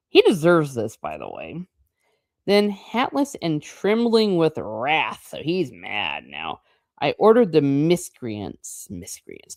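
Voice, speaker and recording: Woman, reads a novel and chats about it, lowish voice, very lively pitch, dry close sound. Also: takes it slowly, no echo. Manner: chatty, laughs often, reacts to the text. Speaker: book channel host. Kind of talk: reading aloud with casual commentary.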